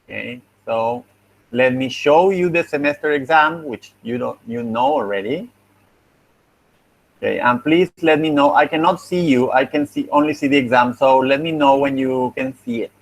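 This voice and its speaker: A man's voice: mid-range voice, animated, normal speed, vocal fry, poor audio. A man teaching a phonetics class over a video call, patient and encouraging, thinking aloud as he goes through an exam. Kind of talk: online class feedback.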